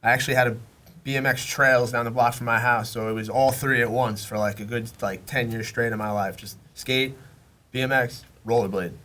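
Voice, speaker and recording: A young man tells a long story at a relaxed, casual pitch, loose and slangy. He swears freely and slips into the voices of friends he quotes. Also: fairly quick. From Long Island, New York. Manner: rambling, slangy, profane, acts out quoted friends. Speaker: podcast guest.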